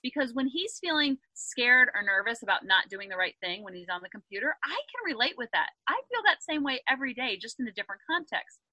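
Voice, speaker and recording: Upbeat bright-voiced woman parenting coach. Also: fairly high pitch, brisk, few pauses, no room sound, poor audio. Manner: upbeat, animated storytelling with acted quotes. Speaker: parenting coach and podcast guest. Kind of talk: conversational interview.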